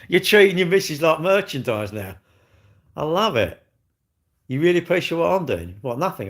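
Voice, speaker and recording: A middle-aged man rambles cheerfully through a casual livestream, reading out viewers' comments and firing back blunt, cheeky answers. His voice has a rough, gravelly edge, and his pitch sits in an ordinary middle range for a man. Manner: chatty, bantering, reads viewer comments aloud and answers them. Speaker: livestream host.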